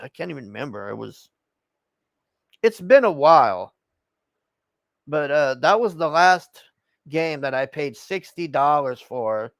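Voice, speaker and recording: A man's voice: on the high side, no echo. A man telling an angry story in a heated, profane rant, tagging his lines with "man". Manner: heated, swears constantly, tags lines with "man".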